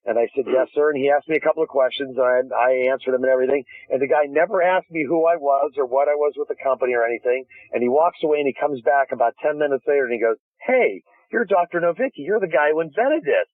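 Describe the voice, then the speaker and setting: A man's voice: mid-range voice, steady tone, racing, few pauses, dry recording. Enthusiastic man on a tinny phone line. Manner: enthusiastic storytelling with many restarts. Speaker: guest inventor. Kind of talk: casual phone interview. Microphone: phone call.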